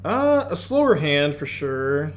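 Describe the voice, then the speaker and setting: A man's voice: fairly high pitch, sing-song, takes it slowly. A man playing an online card game and thinking aloud as he plays, musing, correcting himself and muttering asides.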